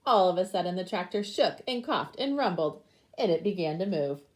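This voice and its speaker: A young woman teacher reading a picture book aloud to her class, with lively animal sounds. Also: lowish voice, brisk.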